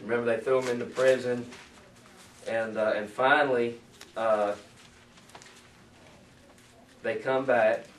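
A man's voice: medium pitch, steady tone, normal speed. A man leading a Bible study, reading scripture aloud and then explaining it in a conversational way. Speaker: Bible teacher. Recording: echoey room, mic at a distance, faint ambient noise.

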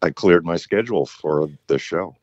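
Male podcast guest, relaxed and wry; very low voice, muffled dry line. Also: normal speed, no room sound. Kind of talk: casual chat.

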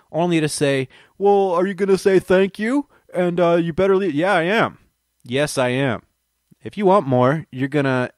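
A man's voice: mid-range voice, no echo. A man hosts a reading of a book on his own channel, then drifts into joking, rambling chatter with himself. His voice sits in a middle register and sounds dry and close. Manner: rambling, joking self-banter. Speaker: channel host reading an audiobook. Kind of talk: audiobook reading with casual chat.

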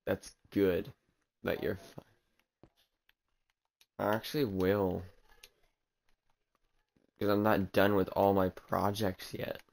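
Low gravelly man streaming a game. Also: little pitch movement, slow pace, long pauses, darkish tone. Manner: rambling, talks back to the game teasingly. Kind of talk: casual gameplay commentary.

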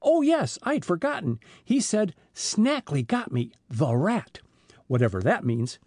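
Male narrator as earnest teenage detective boy, raised pitch, husky edge. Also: sing-song, a little slow, darkish tone, dry recording, clean studio sound, heavily acted. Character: earnest teenage boy detective, level-headed older brother.

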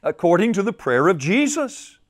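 A male pastor preaching a sermon at a men's retreat, repeating phrases and swinging between soft and loud for emphasis. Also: very animated, moderate pace. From United States. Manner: repeats phrases, rises and falls in pitch and volume for emphasis.

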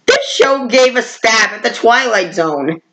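A woman's voice: fairly high pitch, lively intonation, measured pace, noisy background. Rambling casual woman vlogger. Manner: rambling, with frequent self-corrections. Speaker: vlogger reviewing old cartoons. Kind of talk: casual unscripted review.

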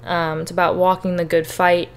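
Young female podcaster, slightly low voice, earnest and teary while recounting her story. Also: flat delivery, moderate pace, clean tone. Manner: candid, earnest, emotional at times. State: tearful. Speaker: podcast host. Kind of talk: personal testimony, casual.

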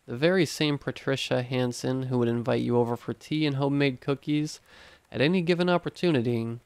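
Brief: male narrator for scripted horror reading, steady delivery, dry close sound. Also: mid-range voice, brisk, clear, resonant tone, no room sound.

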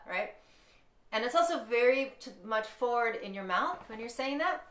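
A woman leads a rhythm lesson, talking through beat patterns and then chanting syllables along with the count. Her voice is bright and sits a little high. The sound carries a noticeable room echo. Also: lively intonation, brisk. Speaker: music teacher. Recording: echoey room.

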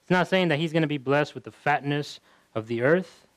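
A man's voice: fairly high pitch, fairly quick, dry recording, rough recording. A male pastor teaching through a Bible passage verse by verse, talking casually and often repeating words as he thinks.

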